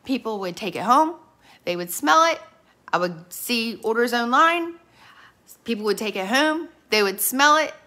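A woman's voice: a little high, lively intonation, unhurried, bright, forceful tone. A middle-aged woman giving a motivational sales team training, telling earnest stories with quoted dialogue and speaking straight to her listeners. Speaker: direct sales team leader.

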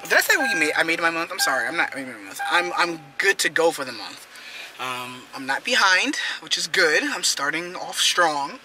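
A man's voice: fairly high pitch, lively intonation, normal speed, background noise. A man chatting casually while he drives, rambling with lots of fillers. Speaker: vlogger. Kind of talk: casual vlog chat while driving. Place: in his car.

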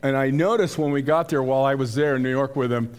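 An older man delivers a sermon in church like he is chatting with the congregation. He tells stories easily and often restarts his sentences. His voice sits at a middle pitch for a man. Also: quick pace, a little mellow, clean tone. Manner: conversational storytelling with frequent restarts. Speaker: pastor. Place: church sanctuary.

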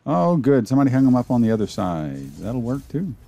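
A man's voice: medium pitch, very animated, fairly quick, creaky, dark tone, muffled recording, slight background noise. A man from Arkansas with a Southern accent, giving playful, jokey commentary as the host of his gaming channel. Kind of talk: casual gameplay commentary.

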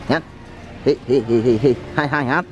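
A man with a St. filming a loud, joking vlog while shopping with his wife, teasing and laughing often. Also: medium pitch, moderate pace. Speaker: vlogger, husband. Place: Walmart store, then parking lot.

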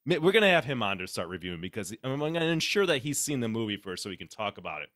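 Fast-talking and lowish in pitch, this man hosts a podcast full of sarcastic, animated ranting and heavy profanity. There's no room sound in the recording.

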